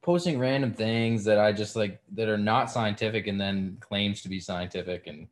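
A man hosting a podcast, asking probing questions and thinking out loud in casual chat. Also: on the low side, moderate pace. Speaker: podcast host.

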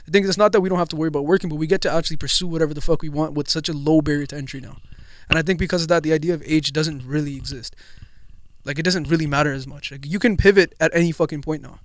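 Young male co-host, rapid profane chatter, slightly high, dry close mic. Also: dry recording. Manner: swears freely, rambling and animated. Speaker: podcast co-host. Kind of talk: casual chat.

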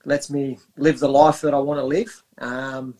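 A man's voice: mid-range voice, level tone, measured pace, dark tone. An Australian man in his thirties, a guest on a podcast, talking earnestly and reflectively with many fillers and restarts. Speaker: podcast guest, wellbeing coach. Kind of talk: casual interview chat.

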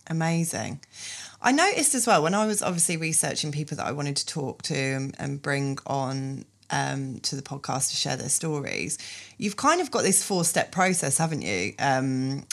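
A woman's voice: deep voice, lively intonation, moderate pace, vocal fry. A woman hosting a podcast, chatting candidly and expressively with her guest. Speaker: podcast host. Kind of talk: casual interview chat.

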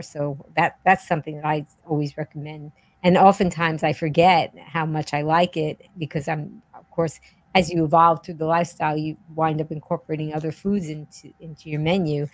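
Low-voiced woman hosting a chat show. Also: no echo, poor audio. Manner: chatty, with frequent restarts. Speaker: podcast host. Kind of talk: casual interview chat.

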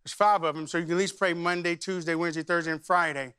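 A man's voice: on the high side, fairly even intonation, quick pace, sharp tone, smooth, no room sound, studio quality. A man who is a senior pastor, preaching a sermon in a church and moving from conversational storytelling into fervent spoken prayer. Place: church sanctuary.

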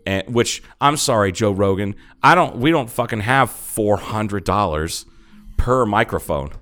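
A man's voice: fairly low pitch, expressive, measured pace, fairly bright tone, soft background music. A man co-hosting a casual podcast, teasing his friend with crude, profane jokes, close on a studio mic. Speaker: podcast co-host. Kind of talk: casual chat. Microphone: studio mic with pop filter.

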